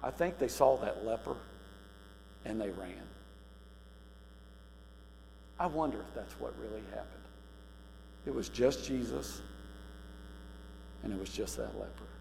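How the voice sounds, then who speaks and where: A man preaching a sermon, moving between quiet, musing passages and loud, emphatic cries. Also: lowish voice, a little slow, creaky, pauses often. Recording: reverberant hall with faint mains hum.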